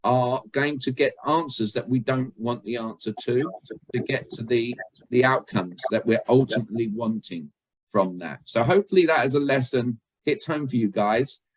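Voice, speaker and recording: A man's voice: mid-range voice, no room sound, low-quality recording. A British-born man running an online communication workshop, joking and asking his audience questions. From Britain. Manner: chatty, jokey, asks the audience questions. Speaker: communication trainer. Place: video call.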